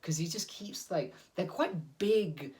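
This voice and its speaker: A man's voice: high-pitched, slow pace, a little mellow. Rambling man hosting a solo phone show. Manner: rambling, digressive, lots of fillers and laughs. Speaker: host. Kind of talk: casual solo monologue.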